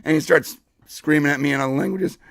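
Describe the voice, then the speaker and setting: A man with a high voice and a gravelly edge tells a story on a podcast, casual and animated, slipping into the voices of the people in it. The sound is dry and close, with no room around it. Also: fast talker, no room sound. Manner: animated, acts out quotes. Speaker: podcast co-host.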